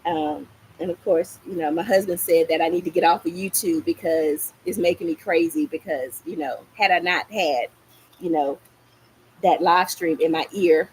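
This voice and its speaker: A middle-aged woman hosting a gardening livestream, telling a story in a casual, animated way and acting out the lines she quotes. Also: moderate pace, slight background noise, low-quality recording. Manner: animated, acts out quoted lines with rising pitch. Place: small home patio garden, outdoors.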